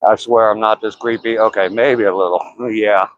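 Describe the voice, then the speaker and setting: A man's voice: lowish voice, fairly even intonation, moderate pace, no room sound, highs cut off. Joking older man on a walk. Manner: joking, laughs at his own remarks. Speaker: vlogger live streaming a walk. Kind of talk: casual live-stream chat while walking. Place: outdoors on a walking path.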